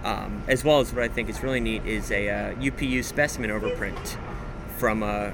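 A man's voice: lowish voice, fairly even intonation, a little fast, gravelly, noisy background. A young man, an auction house president, talking eagerly and in detail about his stamp collection at a busy stamp show. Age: young adult. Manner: enthusiastic, detailed, with frequent fillers. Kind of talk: casual interview at a stamp show.

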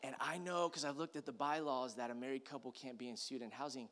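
A man preaching as a pastor, telling a personal story in a conversational way that swings from hushed to emphatic. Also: medium pitch, steady tone, fast. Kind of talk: sermon storytelling.

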